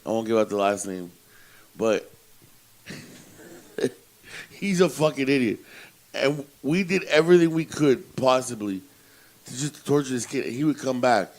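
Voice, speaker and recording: A man's voice: mid-range voice, animated, a little slow, pauses often, rough recording. A man co-hosting a podcast, telling a prank story in casual chat, swearing and laughing as he talks. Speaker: podcast co-host.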